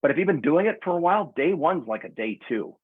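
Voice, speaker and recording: Sixties man, upbeat casual sharer on a video call, husky and thin, like a phone line. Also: on the high side, sing-song, fast talker, no echo. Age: 60s. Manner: enthusiastic storytelling. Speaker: community member. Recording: tinny phone-like audio.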